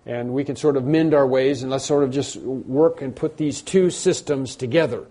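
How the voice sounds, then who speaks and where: A pastor preaching an expository sermon in a conversational way, with many fillers and restarts, rising to emphatic bursts on key points. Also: male voice, medium pitch, moderate pace, dark tone.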